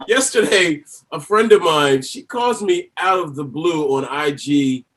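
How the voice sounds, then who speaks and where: A man telling stories as a guest in a casual podcast interview. His voice sits a bit high for a man. He is animated and laughs often. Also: takes it slowly.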